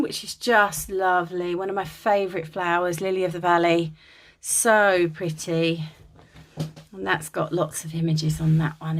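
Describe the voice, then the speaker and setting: A woman's voice: on the low side, slight background noise. A woman from England giving a chatty, gushing show-and-tell of vintage linens from a dim room at home. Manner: gushing and chatty, with many ums. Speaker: crafter showing vintage linens. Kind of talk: casual show-and-tell vlog.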